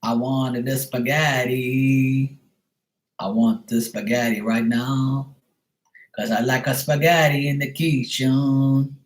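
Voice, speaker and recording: A man's voice: mid-range voice, flat delivery, close to an everyday voice. A man voicing an old Italian grandmother who sings in broken English with a put-on Italian accent. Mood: sing-song. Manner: slow, sing-song, broken English. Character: old Italian grandma, fussy cook, singing.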